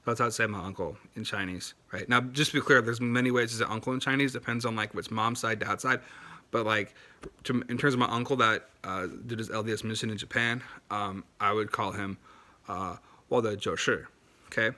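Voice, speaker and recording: A man's voice: on the low side, steady tone, a little fast, pushed and bright. A young man chatting casually to camera about learning languages, in a loose, rambling way with many fillers and restarts. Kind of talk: casual explanatory talk to camera.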